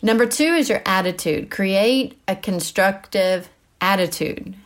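This podcast host, a mom with kids in middle school, runs a laid-back Christian teaching show. She speaks in a mid-range voice at a measured pace, chatty and lively, sprinkling in asides and filler words.

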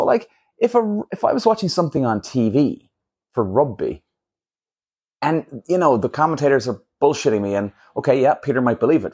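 Casting note: man hosting a solo podcast, husky voice, blunt and animated, swears a lot. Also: medium pitch. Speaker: podcast host. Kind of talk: casual solo podcast rant.

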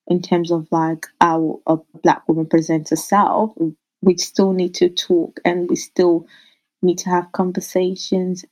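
A woman midwife answering interview questions in an earnest, thoughtful way, often pausing over her words with fillers. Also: fairly low pitch, dark tone, lo-fi sound. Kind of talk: interview answers, casual conversation.

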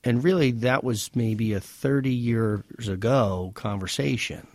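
A man's voice: medium pitch, unhurried, no echo. A man in his thirties with a mid-range voice talks through retirement planning on a financial talk show. The sound is dry and close. He explains things conversationally and keeps tossing in rhetorical questions. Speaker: financial advisor and show co-host. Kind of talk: casual radio-show talk.

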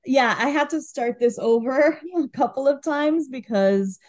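A woman's voice: high voice, animated, unhurried, darkish tone, no echo. Woman gushing about an episode, lots of likes and ums, dry mic. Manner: chatty, many fillers. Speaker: podcast co-host. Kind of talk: casual chat reviewing an episode.

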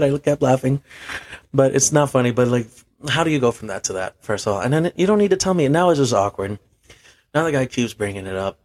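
A young man, a bartender and podcast host, telling a rambling story in casual, profane chat and laughing at himself. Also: medium pitch.

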